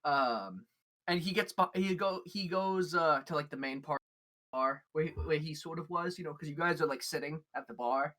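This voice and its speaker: A woman's voice: sits low, normal speed, fairly bright tone. A woman narrating as game master, rambling with many fillers and restarts.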